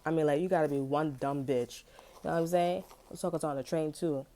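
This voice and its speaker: A woman's voice: low-pitched, normal speed, creaky, mellow. Slangy, laughing tarot reader woman. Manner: loose, slangy storytelling, laughs often. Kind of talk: casual tarot reading with personal stories.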